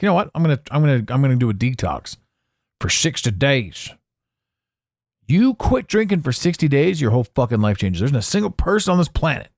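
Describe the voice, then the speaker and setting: A man hosts his own podcast in a blunt, profane, freewheeling monologue. His pitch swings widely as he talks. The sound is close and dry, with no room around it. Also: dry recording. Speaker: podcast host. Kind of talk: casual monologue.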